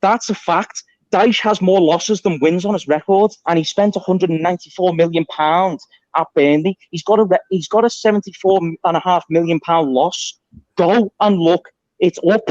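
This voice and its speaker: A man's voice: high voice, moderate pace, darkish tone, no echo, lo-fi sound. A man calling in to a fan show, ranting insistently and repeating his points. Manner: insistent, ranting, keeps saying mate. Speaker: caller. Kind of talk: heated phone-in rant.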